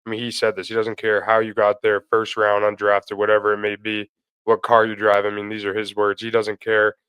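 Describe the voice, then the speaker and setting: Flat, smooth-voiced man in dry sports chat. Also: fairly low pitch, brisk, no room sound, poor audio. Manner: relaxed, conversational, many fillers like "kinda" and "I mean". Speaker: sports podcast co-host. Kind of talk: casual sports talk.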